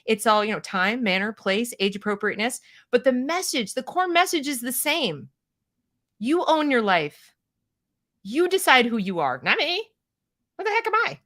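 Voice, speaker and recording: A middle-aged American woman hosting an opinionated commentary show, talking in an animated, sarcastic way and reading out viewer comments. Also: fairly high pitch, normal speed. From United States. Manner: animated, sarcastic, mimics people in mocking voices. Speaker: show host.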